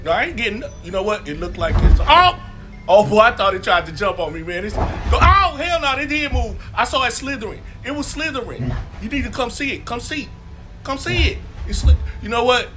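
Man doing a high, skittish scaredy-dog, voice jumping around, loud music behind. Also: sing-song, brisk. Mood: scared. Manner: panicky, jittery. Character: jumpy scared male dog afraid of a sock.

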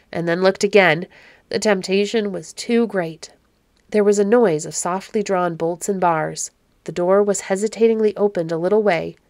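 A woman reading a classic storybook aloud as narrator, measured and expressive. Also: on the low side, dry recording.

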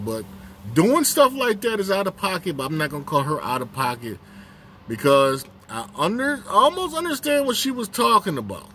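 A man's voice: a little high, fairly bright tone, a little hiss or hum. A man hosting his own casual commentary vlog on a break at work, talking bluntly and repeating his points for emphasis.

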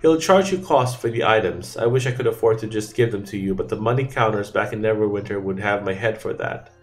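A man's voice: on the low side, fairly quick, faint music behind, close to an everyday voice. An actor playing a blunt, unforgiving male fort commander in a video game, speaking in curt, authoritative orders. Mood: stern.

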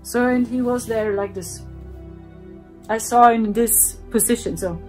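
Slow, earnest woman telling her story. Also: on the high side, faint music behind. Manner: earnest, repeats herself, drops to a hushed voice for dark parts. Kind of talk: personal storytelling.

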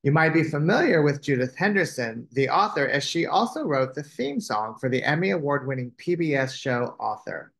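A man hosting a children's storytime, reading a picture book aloud with expressive delivery. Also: on the high side, moderate pace, vocal fry, hardly any pauses.

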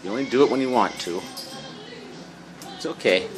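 At home indoors, a man films his pet parrot on a handheld phone, flipping between high, sing-song baby talk aimed at the bird and low asides. He speaks at normal speed while music plays in the background.

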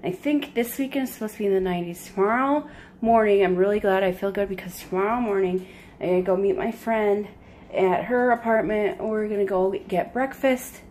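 A woman's voice: medium pitch, darkish tone. A young woman chatting casually through a daily vlog, talking about her plans with lots of "like" thrown in. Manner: chatty and unhurried, peppered with "like". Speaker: vlogger.

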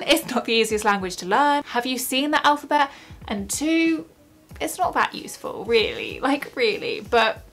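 A woman's voice: a little high, fairly bright tone. A young woman vlogging from home in a chatty, rambling, self-mocking way. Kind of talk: casual vlog chat.

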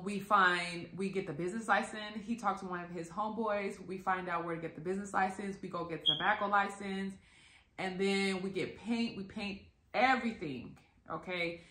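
Woman telling a story, cusses a lot, bright sharp voice, echoey room. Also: mid-range voice, a little hiss or hum. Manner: animated, profane, acts out quotes. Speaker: vlogger. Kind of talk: casual storytelling to camera.

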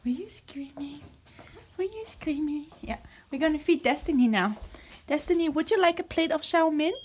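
A woman's voice: sits high, fairly quick, a little mellow. A woman talking to her pet parrots at home in a coaxing, sing-song baby-talk voice, in a kitchen. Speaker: parrot owner and vlogger.

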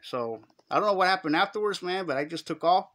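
Man, middle-aged, Chicano LA accent, slangy, animated storytelling, bright tone. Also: sits high, quick pace. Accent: Chicano English, Los Angeles. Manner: animated, slangy street talk, acts out quotes. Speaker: vlogger telling a story. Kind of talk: casual storytelling.

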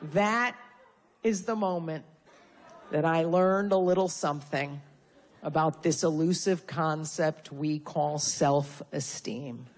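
A woman's voice: low voice, takes it slowly. A woman performing a stand-up comedy routine on stage before a live audience, brash and profane with insult humor.

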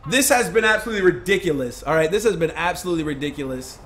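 A young man giving live gameplay commentary as a streamer, excitable, breaking into yells and laughs. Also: on the high side, very fast. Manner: excitable, yelling and laughing in bursts. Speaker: gaming streamer.

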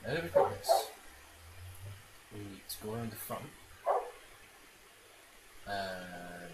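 Low-voiced man, rambling gameplay commentary. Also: slow pace, long pauses. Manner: swears a lot, self-mocking, makes random silly noises. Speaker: game commentator. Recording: loud background noise.

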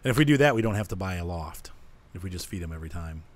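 Man, low voice, let's-play host, casual gameplay chat, explaining plans. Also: animated, rapid-fire. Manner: explains plans while playing.

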